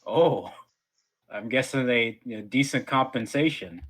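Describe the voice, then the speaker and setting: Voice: medium pitch, unhurried, a bit bright, husky. A player in a tabletop role-playing game who describes their own actions and speaks in character.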